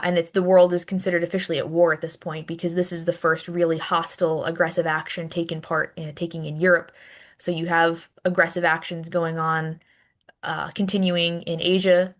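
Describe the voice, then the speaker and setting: Flat-voiced woman giving a history lecture. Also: lowish voice. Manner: conversational, with frequent restarts and repeated words. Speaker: history teacher. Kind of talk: recorded classroom lecture.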